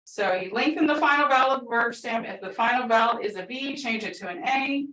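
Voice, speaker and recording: A woman teaching a language class over a video call. She explains patiently step by step and says each new word slowly. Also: fairly high pitch, a bit bright, a little hiss or hum. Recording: echoey room, distant video-call mic.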